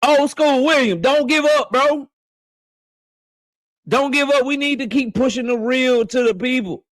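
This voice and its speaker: A high-pitched man talks casually into a dry, close mic from his office. He hosts a live stream, cursing freely and greeting viewers one after another. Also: a little slow, no room sound. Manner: loose, profane, shouting out viewers by name. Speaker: boxing live-stream host. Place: home office.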